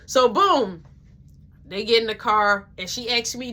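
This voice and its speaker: Bright-voiced woman telling a story. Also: fairly high pitch, measured pace. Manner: slangy, animated, swearing. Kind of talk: casual storytime.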